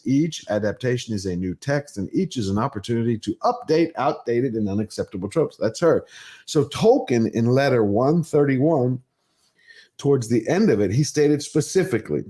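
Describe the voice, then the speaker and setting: A man's voice: mid-range voice, dark tone. A man hosting a live stream, reading quotes aloud and arguing his point with emphasis. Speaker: host.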